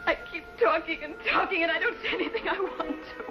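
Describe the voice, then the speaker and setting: A woman's voice: extremely high pitch, quick pace, music in the background. Tearful, stammering woman begging on the phone. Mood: desperate. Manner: stammering, pleading. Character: lonely distraught woman begging her ex-lover. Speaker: actress in a TV drama. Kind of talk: 1950s TV drama acting. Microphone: telephone in hand. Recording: dull 1950s TV soundtrack with score.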